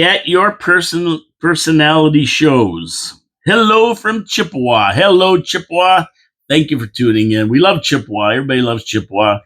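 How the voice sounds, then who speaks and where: Rambling chatty male commentator. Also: medium pitch. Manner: rambling, chatty, repeats phrases, mock-indignant asides. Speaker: local political commentator and show host. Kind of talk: casual talk-show commentary reading viewer comments.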